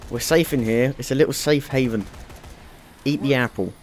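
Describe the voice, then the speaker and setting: A man's voice: mid-range voice, moderate pace, slight background noise. A young British man chatting through a video game, talking to the characters and yelping when things go wrong. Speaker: let's play gamer. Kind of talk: gameplay commentary.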